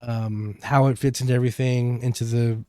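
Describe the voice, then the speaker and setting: A man's voice: medium pitch, little pitch movement, moderate pace, mellow, clear, resonant tone, dry recording, studio quality. A man co-hosting a podcast, casually recapping a TV episode with rambling asides and many "um"s. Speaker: podcast co-host.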